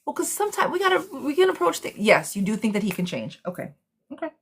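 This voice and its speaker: A woman hosting a casual live tarot reading for viewers. She talks bluntly and excitably, using pet names and swearing. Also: high-pitched, quick pace, vocal fry, breathy edge.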